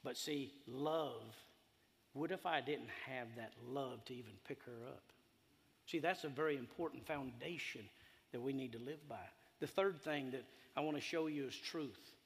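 A man, preaching a sermon in a folksy, storytelling way that swings from loud to hushed. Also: mid-range voice, moderate pace. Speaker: pastor. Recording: echoey hall.

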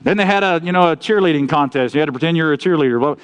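A man preaching a sermon, telling folksy stories and swinging between loud outbursts and quiet asides. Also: a little high, rapid-fire, clean tone. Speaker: pastor.

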